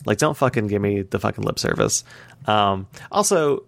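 A man's voice: lowish voice, expressive, moderate pace, vocal fry, dry recording. Profane, ranting man, dry sound. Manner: heated, profane ranting, heavy "like" filler. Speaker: podcast co-host. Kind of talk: casual chat.

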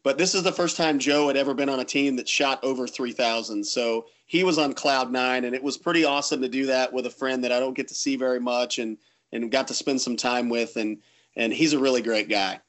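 A man co-hosting a podcast, telling stories in casual chat with animated, self-mocking humor. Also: medium pitch, fairly quick. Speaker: podcast co-host.

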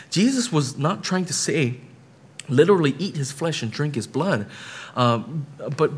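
Husky-voiced man preaching with emphatic build-ups. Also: fairly high pitch. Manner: checks in with the listeners with frequent "right?". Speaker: pastor. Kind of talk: sermon.

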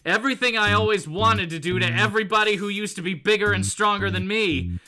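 A man's voice: high-pitched, fairly quick, pushed and bright, a little hiss or hum. A man casually reading the lines of a domineering female supervillain. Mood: taunting. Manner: casual reading of comic dialogue.

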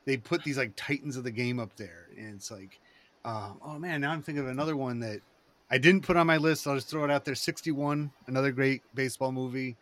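A man talking in a rambling, excitable way, with lots of fillers and restarts, in a casual chat. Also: medium pitch, fairly quick.

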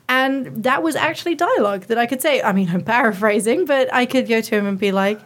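Animated woman telling stories on a panel. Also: fairly high pitch, fairly quick, hardly any pauses. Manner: animated storyteller who acts out quotes. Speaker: writer on a panel. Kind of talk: casual panel chat.

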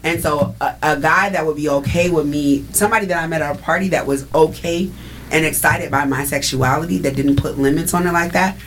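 A woman's voice: low-pitched, fairly quick, slight background noise, rough recording. A woman co-hosting a frank casual chat, explaining her views earnestly in long runs.

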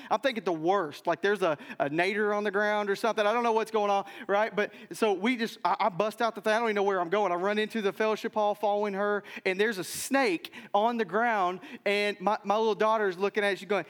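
A male pastor delivering a sermon in a church, telling stories in an animated way and often checking in with "right?". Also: high voice, a little fast, hardly any pauses, long reverb tail. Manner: animated storytelling with frequent "right?" asides. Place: church sanctuary.

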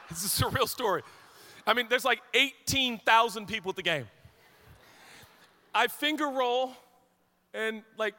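Bright-voiced joking pastor in echoey hall. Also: male voice, high-pitched. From Washington state, USA. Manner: self-deprecating, joking, lively anecdotes. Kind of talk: humorous sermon storytelling. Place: church sanctuary.

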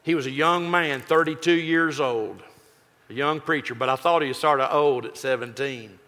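Man in his sixties, folksy joking preacher, bright forceful tone, long hall reverb, sermon storytelling. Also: medium pitch, normal speed. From Texas. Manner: folksy, joking, lively delivery. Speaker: pastor.

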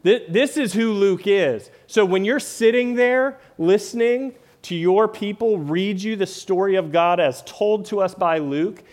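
A man's voice: high-pitched, measured pace, few pauses, darkish tone. A man preaching a sermon in a conversational way, often tagging lines with "right?" and "like". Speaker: pastor.

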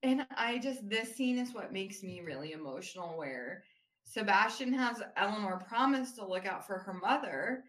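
Female podcast co-host, casual recap chat, bright voice, echoey room. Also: medium pitch, lively intonation, normal speed. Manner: chatty, many "like" fillers.

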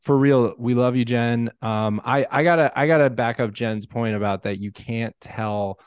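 A man co-hosting a podcast in casual chat, chatty with lots of fillers and excitable bursts. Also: medium pitch, moderate pace, clear, resonant tone, no echo. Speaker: podcast co-host.

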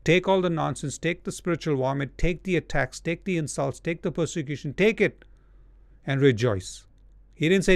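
A man's voice: a little high, normal speed, creaky, no echo. A man preaching a sermon, hammering repeated commands and mimicking whining people. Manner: forceful, repetitive exhortations, mocking whiny voices.

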